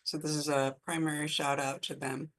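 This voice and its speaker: A woman's voice: deep voice, level tone, normal speed, poor audio. A woman, the town administrator, reading a formal prepared report at a board meeting.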